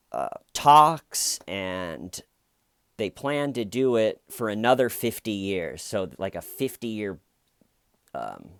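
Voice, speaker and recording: A man's voice: sits low, clear, resonant tone, no echo. A man casually telling a true crime story with jokey, sarcastic asides.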